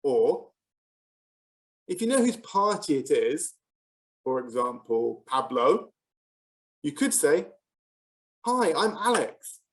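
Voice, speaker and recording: A teacher presenting a scripted English lesson, speaking slowly and clearly and modelling example phrases for learners. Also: medium pitch, sing-song.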